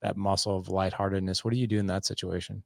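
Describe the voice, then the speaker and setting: A man hosting a podcast, chatting in a relaxed, rambling way and often saying "man". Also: low-pitched, quick pace, gravelly, dry recording, clean studio sound. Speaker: podcast host. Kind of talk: casual interview chat.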